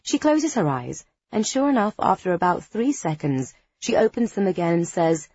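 A woman's voice: on the low side, big pitch swings, normal speed, few pauses, darkish tone, husky, no room sound, highs cut off. A woman narrating a first-person story in a wry, conspiratorial tone with dry understatement. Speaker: audiobook narrator.

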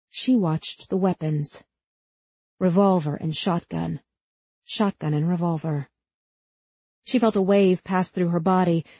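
Low, husky woman narrating an audiobook. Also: warm tone, no echo, muffled recording. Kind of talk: scripted narration.

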